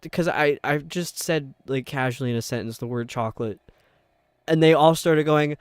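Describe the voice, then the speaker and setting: A man's voice: mid-range voice, clear, resonant tone, no room sound. A young man with a New York accent, chatting casually on a live stream in a rambling way, with lots of filler words. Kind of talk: casual chat while gaming.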